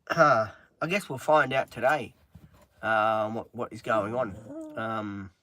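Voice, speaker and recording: A man chatting on a livestream in a halting, earnest way, with many pauses and restarts, openly upset. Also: on the low side, bright, forceful tone. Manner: halting, frequent ums and restarts. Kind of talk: casual livestream chat.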